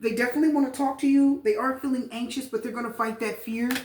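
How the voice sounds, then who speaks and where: A woman reading tarot cards in a chatty, easygoing way, circling back over her points. Her voice sits a little high, and the room around her sounds echoey, with a faint hiss behind it. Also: fairly even intonation, fast talker. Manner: chatty, repeats phrases, frequent fillers. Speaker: tarot reader.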